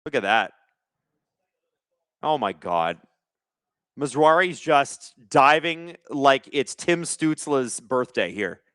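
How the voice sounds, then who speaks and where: A young man hosting a live watch-along, reacting to the game with sarcastic, excitable commentary. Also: medium pitch, takes it slowly, pauses often, clean tone, dry recording, studio quality. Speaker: live stream host.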